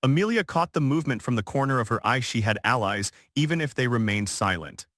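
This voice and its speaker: Brief: male narrator, scripted story reading, even and steady, mid-range pitch, dead-dry recording. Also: brisk, no room sound.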